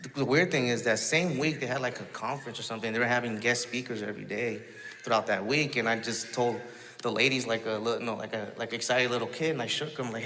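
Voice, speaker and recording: A man telling his personal testimony in a casual storytelling way, halting, with many restarts and quoted asides. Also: medium pitch, steady tone, sharp tone, in a large hall, a little hiss or hum.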